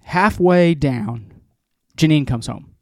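A man in his forties telling a long rambling story in casual chat, animated and profane, as a podcast co-host. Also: a little high, takes it slowly, gravelly, no echo, clean studio sound.

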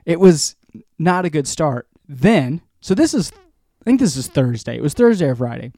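A man in his forties telling a long rambling story in casual chat, animated and profane, as a podcast co-host. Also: on the high side, moderate pace, no echo.

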